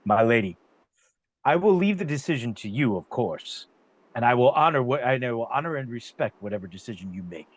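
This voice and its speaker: A man voicing a calm, formal nobleman who speaks slowly and humbly before the crown. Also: medium pitch. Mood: formal, measured. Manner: slow, measured, humble courtly speech.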